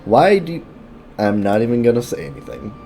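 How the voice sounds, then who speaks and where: A man's voice: mid-range voice, lively intonation, brisk, dark tone, a little hiss or hum. A man streaming a game, talking casually in rambling asides full of fillers. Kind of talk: casual gameplay commentary.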